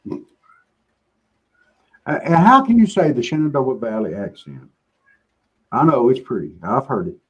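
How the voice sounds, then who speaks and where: A man's voice: mid-range voice, wildly swooping pitch, unhurried, pauses often, fairly bright tone, slightly rough, low-quality recording. Folksy joking man hosting. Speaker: show host. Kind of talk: casual chat.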